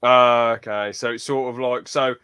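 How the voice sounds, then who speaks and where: A man's voice: mid-range voice, fairly even intonation, normal speed, sharp tone, clear, resonant tone. A young man hosting a podcast in casual chat, laughing often and joking crudely. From United Kingdom. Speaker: podcast host.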